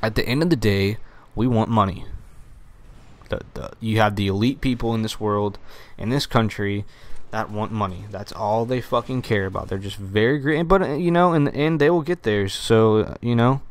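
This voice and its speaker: A man's voice: lowish voice, moderate pace. A young man from the United States ranting casually to camera, profane and rambling with lots of fillers. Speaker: vlogger.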